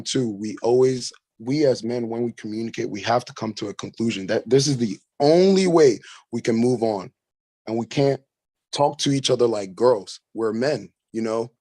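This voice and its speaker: A man's voice: mid-range voice, dark tone, no echo. Brief: opinionated guy on a podcast, blunt and rambling, dry close sound. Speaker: podcast guest. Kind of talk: casual debate chat.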